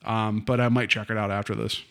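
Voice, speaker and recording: A man's voice: fairly low pitch, brisk. A man co-hosting a podcast in casual chat, talking loosely about a story and acting out quotes. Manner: chatty, quotes others in animated voices. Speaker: podcast co-host.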